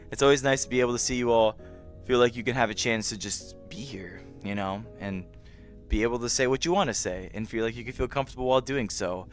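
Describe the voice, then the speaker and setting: A young man hosting a casual live stream, talking warmly to his viewers and greeting each by name. His pitch jumps around a lot, up into playful squeaks. Faint music plays behind him. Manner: friendly, greets chat by name, playful meowing in a high squeak.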